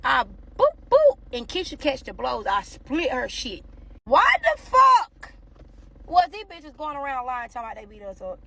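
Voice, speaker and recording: Woman storyteller, high husky voice, brash and animated, casual storytime vlog. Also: normal speed, hardly any pauses. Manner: animated, profane, swings between mumbling and yelling.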